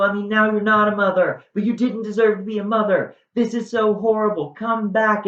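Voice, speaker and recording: A man's voice: on the high side, distant mic, pitched above the performer's own voice, natural voice. A man voicing a grieving, furious hero who rails at his wife, in a dull, echoey recording. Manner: accusing, shouting in anguish.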